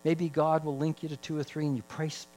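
A man preaching a sermon as pastor, voice climbing for emphasis and dropping low for stories. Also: flat delivery, fast talker, darkish tone, slight background noise, low-quality recording.

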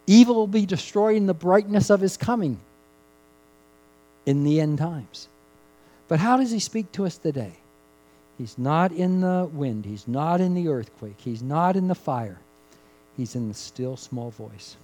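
A man preaching a sermon, rising to loud emphatic peaks and dropping to hushed, drawn-out phrases, repeating key words for emphasis. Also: high voice, animated, low-quality recording. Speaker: pastor.

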